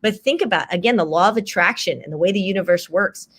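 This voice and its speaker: Talking fast at a medium pitch, this female guest keeps the conversation casual and lively, performing little quoted exchanges as she makes her case. She grew up in a Chinese cultural setting.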